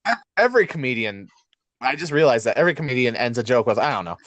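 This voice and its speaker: A man's voice: mid-range voice, sing-song, fast, fairly bright tone, no room sound. A man co-hosting a casual podcast, speaking hesitantly with stammered starts. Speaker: podcast co-host.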